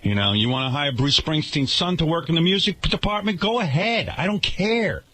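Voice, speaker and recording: A man's voice: on the high side, animated, moderate pace, pushed and bright. Guy on talk radio going off, sarcastic and fed up, voice swings all over. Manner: indignant, sarcastic ranting. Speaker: radio show host. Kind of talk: radio talk show rant.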